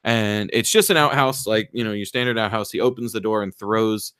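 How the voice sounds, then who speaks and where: A man on a podcast excitedly retelling a movie plot, acting out the lines in raised voices and swearing freely. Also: on the low side, fairly quick, clear, resonant tone, no echo, clean studio sound. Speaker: podcast co-host. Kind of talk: casual chat, retelling a movie.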